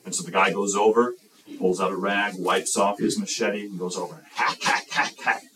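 A man's voice: low-pitched, fairly quick. A man from the United States preaching a sermon, telling a story and acting out voices and sounds as he goes. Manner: animated storyteller, acts out voices and sound effects. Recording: roomy, from a distance.

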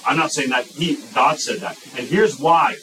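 A man preaching a sermon to a young audience, emphatic and repetitive, slowing down when he quotes scripture. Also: medium pitch, a bit bright, far from the mic, slight background noise, low-quality recording. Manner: emphatic, repeats phrases, slows for quoted scripture.

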